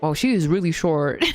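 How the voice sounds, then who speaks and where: A woman's voice: lowish voice, a little mellow. A young woman streaming a game, giggling often and cracking crude jokes while reading the dialogue aloud.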